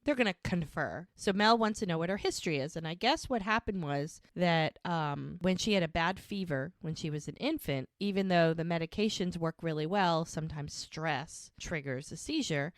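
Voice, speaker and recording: A woman's voice: fairly low pitch, moderate pace, hardly any pauses, no room sound, studio quality. A woman co-hosting a podcast, casually recapping an episode in a chatty, rambling way. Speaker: podcast co-host.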